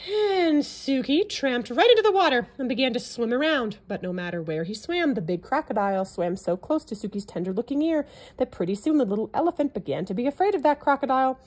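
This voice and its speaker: A woman's voice: high voice, expressive, brisk. Woman reading a picture book expressively. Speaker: children's book reader. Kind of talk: storybook read-aloud.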